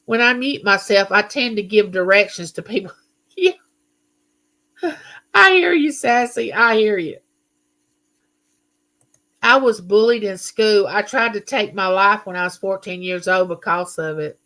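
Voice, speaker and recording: A woman's voice: mid-range voice, expressive, unhurried, pauses often, pushed and bright. A middle-aged woman hosting a live chat, greeting viewers and reading their comments aloud. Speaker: livestream host.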